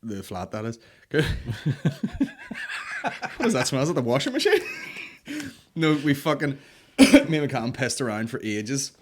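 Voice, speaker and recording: A man's voice: medium pitch, measured pace, pauses often, slight background noise. A man with a Northern Irish accent hosting a comedy podcast, telling stories in casual, sweary banter. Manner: swearing, laughing, lively storytelling. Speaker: podcast host.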